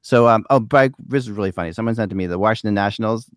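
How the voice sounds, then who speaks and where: A man's voice: lowish voice, no room sound, clean studio sound. A man hosting a casual sports podcast, rambling with many restarts. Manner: fast, rambling, lots of restarts. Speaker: podcast host.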